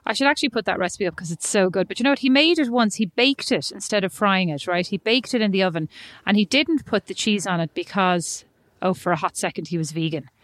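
A woman from Ireland co-hosts a relaxed podcast chat, wry and emphatic in her delivery. Her voice sits at a middling pitch and is recorded close and dry, with no room sound. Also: fast, few pauses, dry recording. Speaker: podcast co-host. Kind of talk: casual chat. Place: home in the United States.

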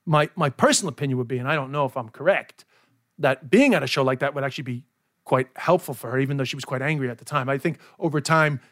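A man, around his forties, a comedian chatting on a podcast, telling stories in an animated way, acting out dialogue and swearing often. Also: mid-range voice, fast. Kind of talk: casual podcast interview.

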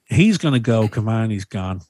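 A man chatting as a podcast guest, telling animated stories and swearing freely as he laughs at himself. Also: lowish voice, moderate pace, dry recording. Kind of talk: casual chat.

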